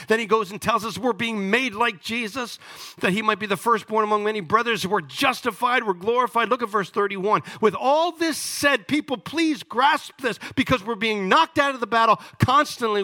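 Male pastor, high and bright, emphatic sermon delivery. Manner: emphatic, calls congregation to respond.

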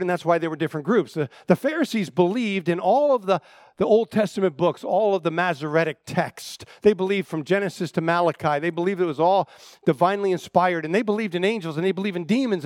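A middle-aged man preaching a sermon as pastor, telling a story with repeated words and swinging between loud emphatic lines and hushed drops. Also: sits high, no echo, studio quality.

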